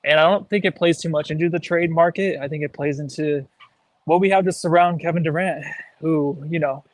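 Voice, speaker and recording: A man's voice: on the high side, steady tone, fairly quick, no room sound, rough recording. A man co-hosting a casual sports podcast, out of breath, easygoing and chatty. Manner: easygoing, chatty, uses "like" and "dude". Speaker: podcast co-host. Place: outdoors, walking.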